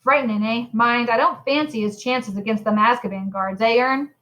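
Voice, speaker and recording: A woman's voice: normal speed, fairly bright tone, natural voice, poor audio. Stan, a woman doing a jumpy, chattering young bus conductor. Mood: excitable. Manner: slangy, gossipy, high and jumpy.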